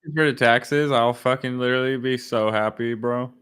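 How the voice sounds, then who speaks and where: Rambling, profane man with a smooth voice. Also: medium pitch, moderate pace. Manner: rambling, profane, animated storytelling. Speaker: podcast host. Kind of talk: casual chat.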